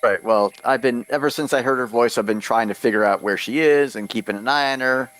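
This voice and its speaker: A man's voice: medium pitch, a little fast, a bit bright. A man playing a tabletop game, describing his character's actions in first person in casual chat. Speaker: player.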